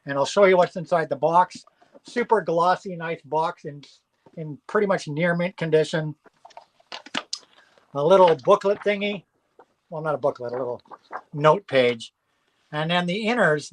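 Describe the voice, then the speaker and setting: A man with a notably high voice talks through a live auction of records from his home. His delivery is casual and chatty, and he gets excitable as he rattles off long lists.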